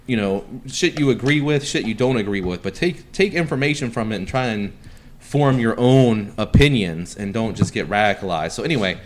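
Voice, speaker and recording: A man's voice: lowish voice, lively intonation, normal speed. A man hosting a casual podcast, talking in a profane, sarcastic, rambling way. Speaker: podcast host.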